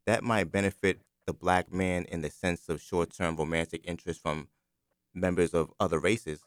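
A man speaking in a measured, explanatory way during a podcast discussion, often saying "you know". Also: low-pitched, steady tone, no room sound, studio quality. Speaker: discussion participant.

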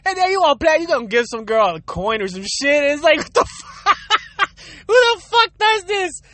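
High-voiced blunt man ranting. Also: big pitch swings, normal speed, pushed and bright, no room sound. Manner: blunt, profane, laughing often. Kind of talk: casual rant.

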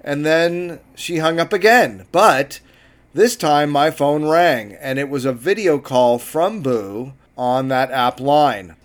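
A man's voice: fairly high pitch, takes it slowly. A man hosting his own podcast, talking casually with wry, profane asides. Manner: profane, wry and self-deprecating. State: sober. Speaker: podcast host and taxi driver. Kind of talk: casual monologue and recorded chat with a passenger.

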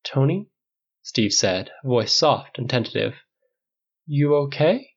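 A man voicing an earnest, polite man who speaks softly and tentatively, in a dull lo-fi recording. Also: mid-range voice, animated, normal speed, husky. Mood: concerned. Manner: soft, tentative.

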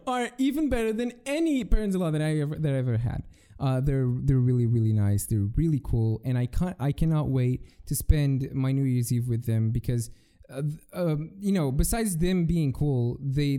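A man's voice: a little high, warm tone. A young man hosting a solo podcast, telling rambling, profane stories with many restarts. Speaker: podcast host. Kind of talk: casual solo podcast rant.

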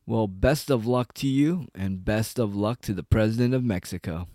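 A man's voice: lowish voice, moderate pace, mellow, no room sound, studio quality. A man giving a casual, rambling, profane rant as an online commentator. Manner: profane, rambling, heavy on "like" and "dude".

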